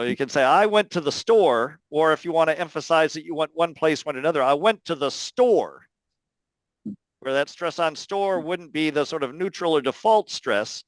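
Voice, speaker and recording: A man giving an academic talk, explaining carefully in a measured way with frequent pauses. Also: fairly high pitch, smooth, no echo, rough recording. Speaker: linguistics lecturer. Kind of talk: academic talk answering questions.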